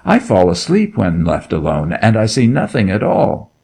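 A man's voice: lowish voice, big pitch swings, a little slow, vocal fry, a little mellow, husky, exaggerated voice. A man reading a story aloud, voicing a timid young shepherd boy who pleads in a frightened country dialect. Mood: terrified pleading.

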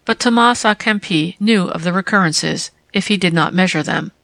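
A woman reading a literary essay aloud in a calm, deliberate way. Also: fairly low pitch, vocal fry, dry recording. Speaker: reader.

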